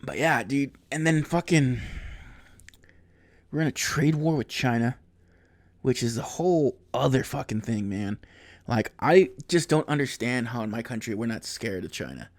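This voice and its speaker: A man's voice: mid-range voice, normal speed, no room sound. A man in his thirties, a podcast host rambling through a profane comedic monologue and laughing at his own jokes. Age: 30s.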